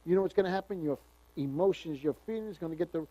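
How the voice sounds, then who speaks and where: High-voiced male pastor teaching. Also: quick pace, warm tone, no room sound, poor audio. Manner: conversational, emphatic, tells personal stories. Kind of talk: verse-by-verse Bible teaching.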